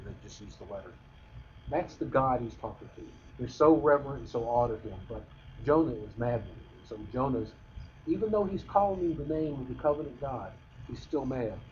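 A man's voice: medium pitch, a little mellow, slight background noise. A man teaching a rambling Bible class. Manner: conversational, rambling, with restarts. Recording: dull lo-fi recording.

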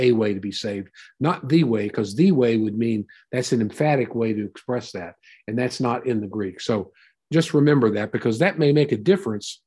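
A man's voice: medium pitch, a little mellow, husky. A man teaching a Bible passage in a conversational sermon, retelling and explaining it in a folksy way.

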